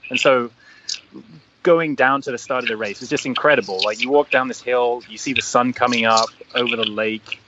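A man's voice: mid-range voice, fairly even intonation, moderate pace. A man chatting casually as a podcast guest, explaining things steadily. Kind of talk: casual chat. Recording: lo-fi with loud background noise.

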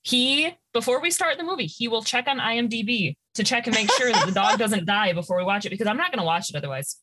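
A woman hosting a casual chat, telling stories in a lively way. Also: on the high side, quick pace, dry recording. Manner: lively storyteller. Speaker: host.

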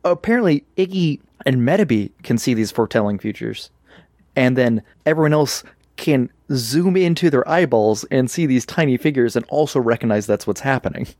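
A man talks in a loose, casual way, jumping around in pitch as he gets excited. He acts out quoted lines and laughs often. His voice sounds dry and close to the mic. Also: normal speed, dry recording. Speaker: podcast co-host. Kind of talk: casual chat.

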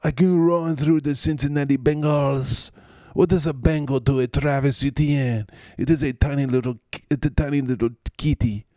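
Boastful football star, mock French-Spanish accent, broken English, a bit higher pitched, as a man puts him on. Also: steady tone, warm tone, no echo, clean studio sound, close to an everyday voice. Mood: cocky. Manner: playful, cocky, halting broken English.

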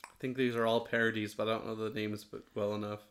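A man's voice: lowish voice, little pitch movement, quick pace, a bit bright. Teasing man reacting in casual chat. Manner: reactive, teasing, exclaims in mock surprise. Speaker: co-host.

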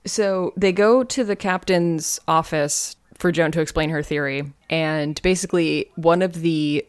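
Low-voiced woman recapping casually. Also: fairly even intonation, measured pace, smooth, no echo. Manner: rambling recap, many fillers, acts out quotes. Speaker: podcast co-host. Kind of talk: casual chat.

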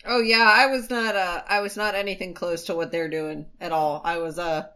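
A woman's voice: lowish voice, level tone, moderate pace, pushed and bright. A woman co-hosting a casual podcast recap, sarcastic, swearing and gushing over the characters. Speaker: podcast co-host. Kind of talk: casual chat recapping a show.

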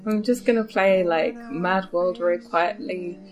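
A woman co-hosting a comedy podcast, joking in a playful deadpan way and laughing often. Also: lowish voice, a little slow, over music, low-quality recording. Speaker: podcast co-host. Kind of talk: casual comedic chat.

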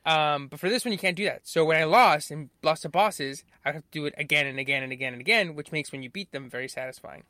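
Guy with a bright voice chatting about games, loose and rambly, lots of ums and swearing, dry close sound. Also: fairly high pitch, quick pace, few pauses, no room sound. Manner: relaxed, rambling, frequent fillers and swearing. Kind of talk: casual chat.

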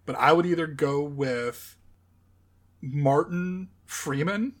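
A man's voice: a little high, slow. A man co-hosting a film podcast, talking loosely and often laughing as he searches for names. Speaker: podcast co-host. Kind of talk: casual film chat.

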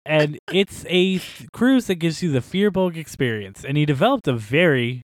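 A man co-hosting a podcast, recapping story endings in a playful, animated way with jokes and asides. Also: a little high, moderate pace, no echo. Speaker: podcast co-host. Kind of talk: casual chat recapping a show.

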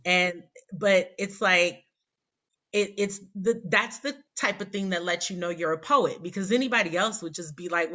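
A woman's voice: on the low side, normal speed, bright, forceful tone, highs cut off. A woman in her forties, a poet guest telling a rambling, candid, self-deprecating story in casual interview chat. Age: 40s.

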